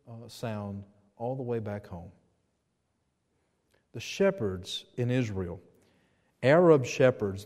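A man's voice: a little high, warm tone. A male pastor delivering a sermon, earnest and building to emphatic, repeated questions to his congregation. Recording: long hall reverb.

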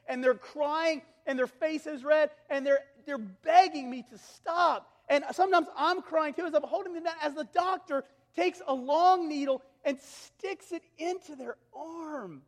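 Earnest preacher with a high voice in a reverberant hall. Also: male voice, a little slow, few pauses. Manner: earnest, swings from loud and emphatic to hushed, intimate near-whispers. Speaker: pastor. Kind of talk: sermon.

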